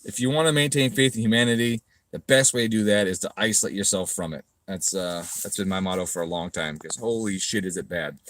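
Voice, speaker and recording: A man's voice: a little fast, hardly any pauses, fairly bright tone. A middle-aged man answering viewers' questions in a casual livestream, profane and ranting, mocking critics. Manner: profane, ranting, mocks critics in shrill voices. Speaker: car parts business owner answering live chat.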